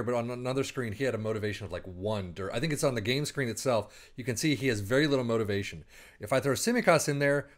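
A man talks through a football management game in a loose, rambling way. He thinks out loud, backtracks, and jumps into excited play-by-play when a chance comes. His voice sits in an ordinary middle pitch. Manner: chatty, rambling, thinks aloud, bursts into play-by-play. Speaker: gaming YouTuber. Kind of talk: casual game commentary.

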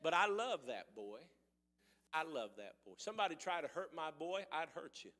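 High, bright Missouri preacher in a reverberant church. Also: male voice, sing-song, normal speed. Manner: swings from quiet storytelling to shouted preaching; folksy, rural speech. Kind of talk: sermon.

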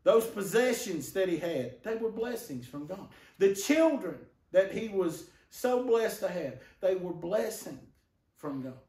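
Man, pastor, slow unhurried sermon, rhetorical questions, echoey church sound. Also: high voice, big pitch swings, a little mellow, recorded from a distance. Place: church sanctuary.

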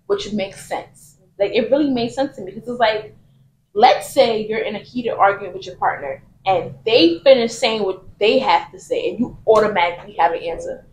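A woman hosting a casual podcast, talking her points through in a steady, reasoning way. Her voice sits at an ordinary pitch. The room has a noticeable echo and a faint hum of ambience behind her. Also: moderate pace. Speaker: podcast host.

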